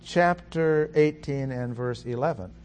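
A man giving a Bible study lecture, reading scripture in a measured, deliberate way with pauses. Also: medium pitch, a little mellow, slight background noise. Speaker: Bible teacher.

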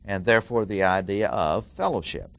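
A middle-aged man teaching through a Bible passage, deliberately repeating key phrases and stressing single words. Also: lowish voice, gravelly, dull audio. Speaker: preacher.

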